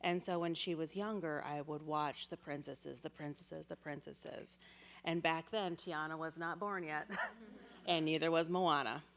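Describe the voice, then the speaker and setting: Woman from the audience, deep voice, earnest and rambling. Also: steady tone, moderate pace, fairly bright tone. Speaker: audience member. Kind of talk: sharing a personal story.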